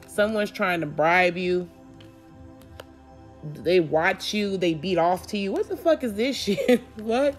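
A woman doing a casual tarot reading, talking bluntly and confrontationally with lots of swearing. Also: fairly low pitch. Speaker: tarot reader.

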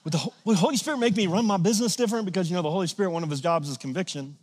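A man preaching a sermon in a church, conversational and energetic, swinging from casual asides to loud emphatic peaks. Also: sits high, rapid-fire, breathy edge, in a large hall. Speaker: pastor. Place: church sanctuary.

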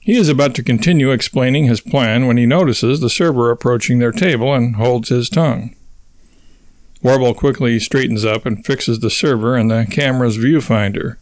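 A man reading a comic novel aloud as audiobook narration, with measured, wry storytelling. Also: mid-range voice, darkish tone, no room sound.

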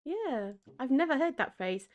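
Female streamer, casual and giggly, reads chat, slightly high voice. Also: very animated, moderate pace, lo-fi sound. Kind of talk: casual chat while gaming.

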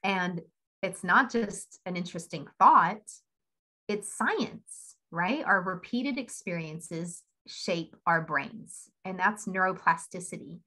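Woman on a video call, kinda low pitched but bright, chatty storyteller who laughs a lot. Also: animated, slow, rough recording. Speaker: team call speaker. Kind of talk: casual motivational talk.

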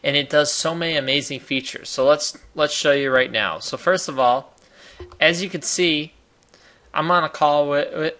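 A man's voice: a little high, pushed and bright. A man from the United States hosting a casual, enthusiastic tutorial while sharing his screen. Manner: enthusiastic, chatty, salesy. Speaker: host.

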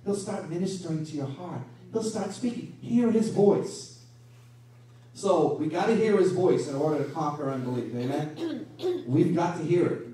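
A pastor with a slightly high voice preaches at a moderate pace, animated and firing off rhetorical questions. He's recorded from a distance in an echoey church hall.

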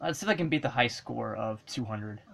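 A woman giving casual commentary while playing an old handheld game, excitable and swearing and yelling at the screen. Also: rumbling low, brisk, gravelly, slight background noise. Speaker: let's play gamer.

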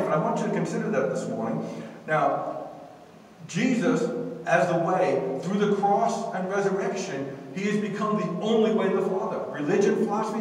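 A man's voice: sits high, expressive, moderate pace, a little hiss or hum. A man preaching a sermon as pastor, emphatic with call-and-response, recorded from a distance in a church sanctuary. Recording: echoey hall from far off.

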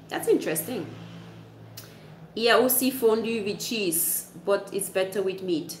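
Speaking at a measured pace in a medium pitch, a woman from Switzerland reads viewer comments during a casual live chat stream. She explains at length, restarting sentences and using fillers, in an echoey room with a bit of background noise.

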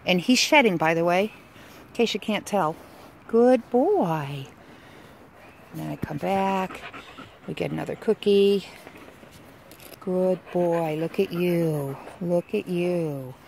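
Dog trainer woman, bursts of excited praise. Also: lowish voice, slow pace, vocal fry, long pauses, slight background noise. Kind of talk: hands-on training demo.

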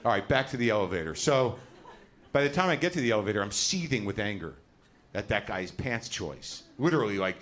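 A man's voice: medium pitch, sing-song, brisk, fairly bright tone, a little hiss or hum. Ranting profane male comedian. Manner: ranting, profane, self-deprecating. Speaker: stand-up comedian. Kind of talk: stand-up comedy routine.

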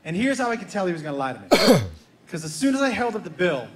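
A man doing stand-up, telling a story in an animated, profane way and acting out both sides of a conversation, on a stage before a live audience. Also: sits high, fast talker, reverberant. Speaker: stand-up comedian.

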